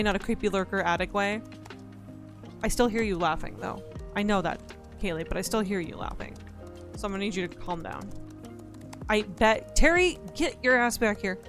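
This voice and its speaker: A woman's voice: mid-range voice, brisk, a bit bright, soft background music. A woman streaming live, chatting in a playful, joking way and thanking her donors. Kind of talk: casual live-stream chat.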